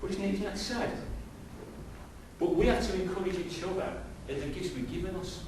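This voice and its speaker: In a church hall full of echo, caught on a distant mic with faint hiss, a middle-aged man preaches as pastor. His high voice has fairly even intonation and a moderate pace, and he talks conversationally while directing rhetorical questions at the congregation.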